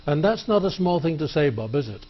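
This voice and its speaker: A man hosting a studio talk show, chatty and joking, with many halting fillers. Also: a little high, very animated, lo-fi sound. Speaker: TV show host. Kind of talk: public-access studio interview. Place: TV studio table.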